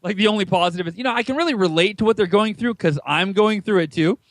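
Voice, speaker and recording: Animated American man telling a story. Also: quick pace, no echo. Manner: animated, acts out quoted dialogue in a higher voice. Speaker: podcast guest, author. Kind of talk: casual storytelling interview.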